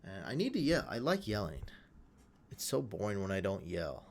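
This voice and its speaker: A man hosting a fantasy football livestream, hoarse from losing his voice, chatting and rambling to his viewers in a casual way. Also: fairly low pitch, wildly swooping pitch, moderate pace, a little hiss or hum. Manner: rambling, self-deprecating, talks to viewers. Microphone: desk mic, at times held close.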